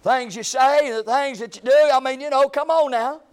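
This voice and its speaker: Male pastor, high-pitched, chatty, emphatic preaching. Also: normal speed, smooth. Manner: folksy, conversational preaching with rising emphatic runs. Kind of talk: sermon.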